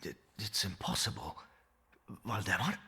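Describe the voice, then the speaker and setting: An actor playing a stern, harried academy president in a story game, with a raspy voice. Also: male voice, sits low, sing-song, moderate pace, sharp tone, heavily acted.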